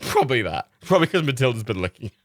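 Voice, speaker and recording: A man's voice: mid-range voice, fast talker, no echo. Young guy rambling on his stream, super swingy voice, dry close sound, laughs and swears a lot. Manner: animated, laughs often, swears casually. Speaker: livestream host. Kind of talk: casual storytelling chat.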